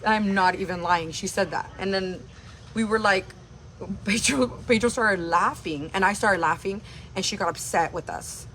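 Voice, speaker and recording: A woman's voice: medium pitch, normal speed, a bit bright, slight background noise. Woman host, chatty and meandering, mid-range voice, casual storytime delivery. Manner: rambling, heavy on filler words. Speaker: livestream host telling a story.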